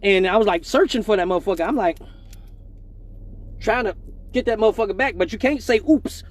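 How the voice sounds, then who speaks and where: Male live-stream host, high-pitched, profane and laughing, casual storytelling. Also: fairly quick.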